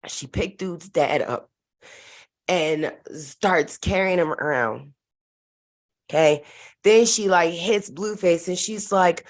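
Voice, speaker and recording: A woman's voice: lowish voice, slow. A young adult woman hosting her own vlog, giving chatty, direct gossip commentary with plenty of slang. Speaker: vlog host.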